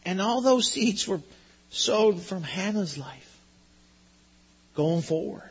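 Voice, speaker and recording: A man's voice: sits high, animated, slow, long pauses, slightly rough, highs cut off. A man preaching a sermon in an earnest, emphatic way, often repeating his points. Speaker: pastor.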